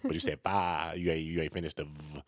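Deep voiced guy teasing his cohost on a podcast, joking around, dry close mic. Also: level tone, brisk, no room sound. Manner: teasing, playful, laughs often. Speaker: podcast co-host. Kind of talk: casual chat.

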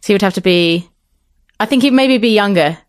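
An English woman, a guest comedian, chatting with deadpan jokes. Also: medium pitch, brisk, no room sound, studio quality. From England. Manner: deadpan, jokey. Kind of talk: casual chat.

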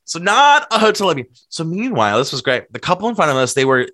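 A man's voice: a little high, very animated, quick pace, bright, forceful tone, dry recording. A man telling stories in casual chat, rambling and packed with filler words. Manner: laughs while telling stories.

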